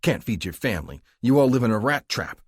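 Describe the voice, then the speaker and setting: A man playing a hard, bitter police officer who speaks with quiet, venomous contempt. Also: medium pitch, sing-song, brisk, husky, dry recording, clean studio sound, voice pushed up. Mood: contemptuous. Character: hard, bitter former-soldier cop, male.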